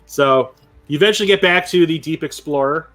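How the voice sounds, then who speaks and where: Male game master, loose casual narration, slightly high voice. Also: a little fast, a bit bright, faint music behind. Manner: loose, rambling descriptions.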